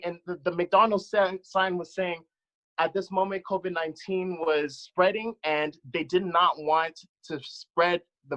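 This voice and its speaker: A man speaks on a discussion panel, recounting his own experience. He is blunt and impassioned and swears freely, and his voice sits somewhat higher than most men's. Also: sharp tone, poor audio. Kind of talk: panel discussion, personal account.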